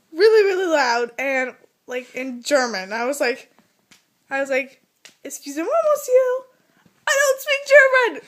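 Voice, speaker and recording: A young American woman telling a funny travel story in a casual vlog, animated and giggly, full of "like". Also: high-pitched. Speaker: vlogger.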